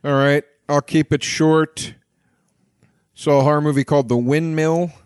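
A man co-hosting a podcast with a blunt, sarcastic and rambling way of talking. His voice sits a little higher than most men's, and the recording is dry and close. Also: flat delivery, measured pace, darkish tone, clear, resonant tone, dry recording. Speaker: podcast co-host. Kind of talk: casual chat about movies.

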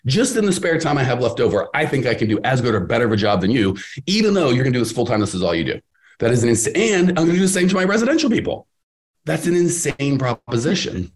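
A man in casual podcast conversation, giving business advice with an emphatic, animated delivery and playing out the voices he quotes. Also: medium pitch, fast talker. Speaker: podcast host and business coach.

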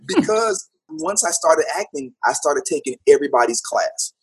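An upbeat man recounts his path into acting, laughing easily as he talks. His voice sits a bit high and has a husky edge. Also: unhurried. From United States. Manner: upbeat, animated, laughs often. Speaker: interview guest, actor and teacher. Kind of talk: casual storytelling interview.

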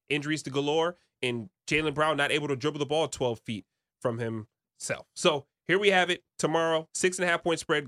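A man's voice: a little high, bright, forceful tone, no echo. A man hosting a sports betting show, teasing his co-hosts in casual chat.

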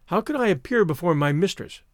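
A man's voice: sits high, expressive, brisk, no echo, studio quality. A man reading the part of a battered young servant woman, bitter yet tender, in a whining, lamenting tone. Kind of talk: audiobook character reading.

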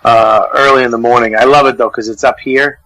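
A man's voice: medium pitch, steady tone, fairly quick, rough recording. A man from Boston with a Boston accent, calling in as a guest comedian and arguing in profane, casual banter. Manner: profane, loud and argumentative, keeps interrupting. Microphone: phone call.

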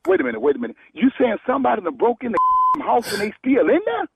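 Man on the phone, high gravelly voice, tinny phone line, excitable and loud. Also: fast talker, no room sound. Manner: excitable, loud, repeating himself. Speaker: prank call target. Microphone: telephone.

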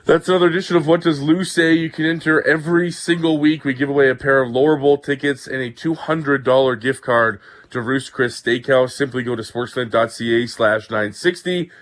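A man with an even, mid-range voice hosts a sports radio show. His sound is a little muffled, and his patter stays friendly and brisk between interviews and promos. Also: mid-range voice.

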